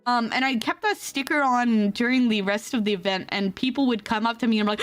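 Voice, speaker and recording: A young woman VTuber telling a story in a casual, animated way, laughing often. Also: fairly quick, few pauses, soft background music. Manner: animated, laughs often, acts out quotes in high squeals. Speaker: VTuber streamer.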